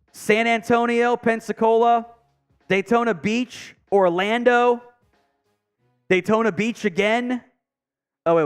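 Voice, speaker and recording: Guy hosting a live stream, really smooth clear voice, bounces up and down a lot, reads chat out, mutters little asides. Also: high voice. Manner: reads viewer comments aloud, chatty and joking, trails off into mumbled asides.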